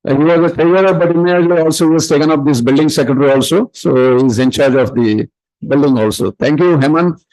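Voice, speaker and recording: A man's voice: on the high side, quick pace, a little mellow, low-quality recording. A man acting as emcee, introducing speakers at a community event in a rambling way with many fillers.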